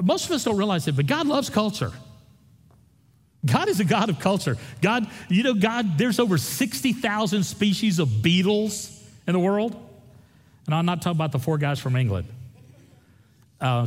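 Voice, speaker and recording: A man with a drawl delivers a sermon in a lively, joking way and tosses off quick asides to his congregation. His voice is a little husky and sits somewhat high. A long echo from a large church hall trails every phrase. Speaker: pastor. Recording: echoey hall, from far off.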